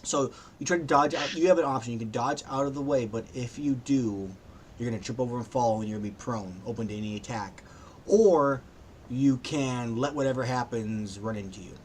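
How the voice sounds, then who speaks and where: A man's voice: mid-range voice, brisk. A man running a tabletop game as game master, narrating casually and thinking aloud.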